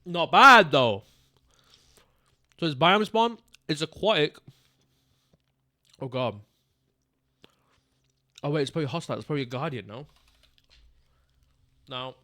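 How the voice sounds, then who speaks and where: A young man streaming a game live, swearing freely and calling his chat "bro" while he guesses out loud. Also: mid-range voice, unhurried, long pauses. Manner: profane, excitable, calls the chat bro.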